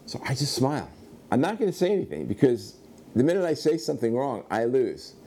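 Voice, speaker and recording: A middle-aged man from the United States telling a personal story in a sermon, animated, acting out the other people in it. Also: mid-range voice, brisk, slight background noise. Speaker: preacher.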